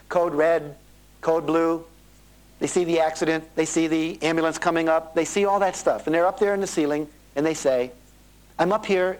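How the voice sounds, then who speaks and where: A middle-aged man leads a motivational seminar on an old cassette tape. His voice sits a little high, and he tells his stories with lively energy, slipping into the voices of the people in them. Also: rough recording. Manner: animated storytelling, acting out quoted voices. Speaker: seminar speaker. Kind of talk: motivational seminar talk to a live audience.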